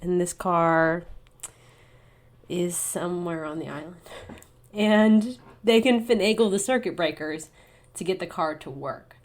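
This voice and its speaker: A woman's voice: on the low side, a little slow. Chatty woman recapping a book. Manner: chatty, many fillers, acts out characters' lines. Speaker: podcast co-host. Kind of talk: casual book recap chat. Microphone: podcast mic over online call.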